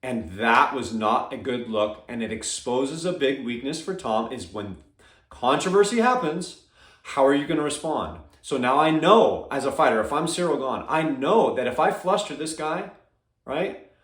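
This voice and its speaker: A man's voice: medium pitch, lively intonation, moderate pace, a bit bright, echoey room. A man giving casual MMA opinion commentary, emphatic and keeps checking in with "all right?" and "okay?".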